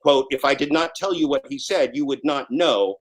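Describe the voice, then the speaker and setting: A man in his fifties, a guest in a live online interview, talking intensely and swearing, at times rising to a shout. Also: mid-range voice, moderate pace, poor audio. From Oregon. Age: 50s.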